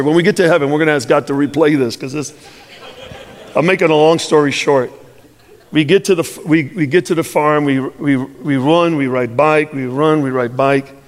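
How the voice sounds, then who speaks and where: A man's voice: fairly high pitch, in a large hall. A male pastor telling a personal story in a sermon, acting out the dialogue and building to fervent preaching.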